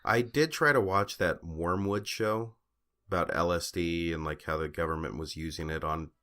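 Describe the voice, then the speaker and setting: A man's voice: low voice, moderate pace, pushed and bright. A young man co-hosting a podcast, rambling casually with fillers, restarts and frequent laughs. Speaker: podcast co-host. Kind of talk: casual chat.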